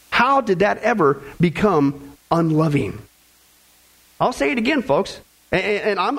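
A man's voice: extremely high pitch, vocal fry, low-quality recording. A man preaching a sermon with emphatic, repeated phrases, speaking directly to the congregation.

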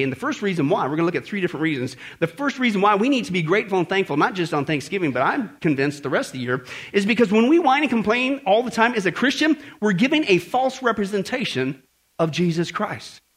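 A man's voice: high-pitched, husky. A man preaching a sermon as pastor, asking the congregation rhetorical questions and telling a story.

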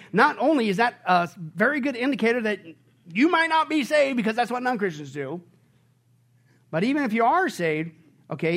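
A man preaching as a pastor, emphatic, with rhetorical questions to the congregation and chuckles between points. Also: sits high. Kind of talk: sermon.

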